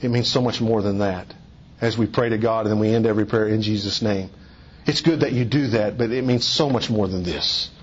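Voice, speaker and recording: Earnest preacher man, lo-fi sound. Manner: earnest, exhorting, swings between low and high emphatic delivery. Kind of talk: sermon. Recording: dull lo-fi recording.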